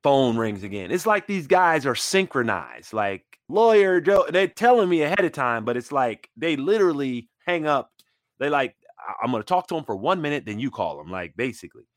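A man in his forties tells a story with a lot of energy, and his voice swings widely up and down as he acts out each person he quotes. He sits at a middle pitch. The sound is dry and close to the mic. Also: big pitch swings, normal speed, no room sound. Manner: acts out quoted voices, jumping high and dropping low. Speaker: retired basketball player storyteller. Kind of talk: animated storytelling.

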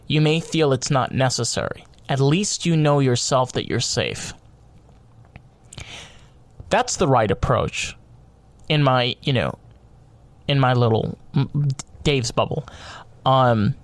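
A man with a somewhat high voice delivers a heated podcast monologue. He rambles, repeats himself and restarts his sentences, swearing freely as he pushes his point. The sound is close and dry, with no room echo. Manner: grows loud and high-pitched when worked up. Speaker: podcast host.

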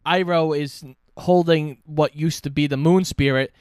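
A man co-hosting a podcast, calmly laying out plot details in casual chat. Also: fairly high pitch, a little slow, clean tone, no room sound, clean studio sound. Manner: explanatory, lays out plot details. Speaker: podcast co-host. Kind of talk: casual chat recapping a cartoon.

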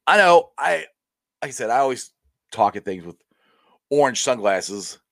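Male sports stream host, animated delivery, dry close mic, rambling and excitable. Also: mid-range voice, moderate pace, creaky, no echo. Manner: excitable, rambling, laughs often. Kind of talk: casual live-stream chat.

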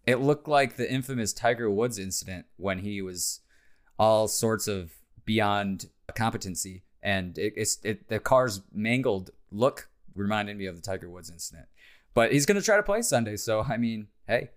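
A man's voice: on the low side, lively intonation, normal speed. A man co-hosting a casual sports podcast, joking around and making his game picks. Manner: jokey, makes game picks, briefly tries silly accents. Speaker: podcast co-host.

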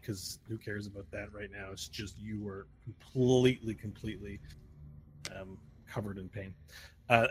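A man running a tabletop role-playing game as dungeon master, narrating scenes with vivid sound effects and frequent restarts. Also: lowish voice.

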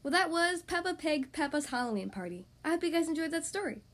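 Upbeat woman host, kids' story reader, high lively voice. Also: quick pace. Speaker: podcast host reading to kids. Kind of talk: children's storybook reading.

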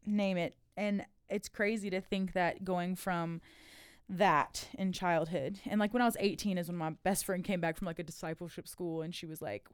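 A woman's voice: on the low side, fairly even intonation, moderate pace, smooth, no echo, studio quality. A young adult woman, a podcast guest, telling personal stories candidly with lots of "like" and laughter. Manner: candid storytelling with frequent "like" and laughs. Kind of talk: casual podcast chat.

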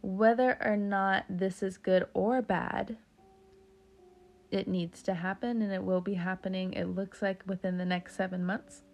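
Faint music plays behind a young tarot reader whose mid-range, darkish voice is a little slow and fairly even in intonation. She keeps the reading casual, joking and swearing as she slips into tangents.

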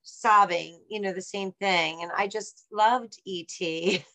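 A woman's voice: medium pitch, steady tone, slow, vocal fry, sharp tone. A woman hosting a casual chat, asking questions and sharing her own stories in an encouraging way.

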